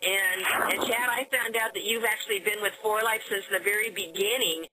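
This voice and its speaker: A woman with a bright, forceful voice hosts a conference call, chatty and upbeat, tripping over her words and starting over. She comes through a telephone line with a faint hiss behind her. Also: medium pitch, fairly even intonation, normal speed. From Oregon, USA. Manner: chatty and enthusiastic, with frequent restarts. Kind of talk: hosting a recorded conference call. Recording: phone line with faint noise.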